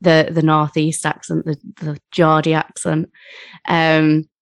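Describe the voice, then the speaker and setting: A woman's voice: sits low, monotone, slow pace, no echo. Giggly northern English woman host. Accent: northern English, Lancashire/Yorkshire. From northern England. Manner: friendly, giggly, full of fillers. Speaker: podcast co-host. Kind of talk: casual podcast chat.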